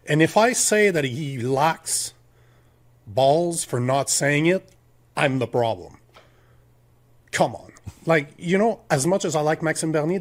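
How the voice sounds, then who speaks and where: A man in his forties with a French Canadian accent, whose first language is French, co-hosts a political podcast, ranting emphatically and firing off rhetorical questions. His voice is a little high with a darkish tone.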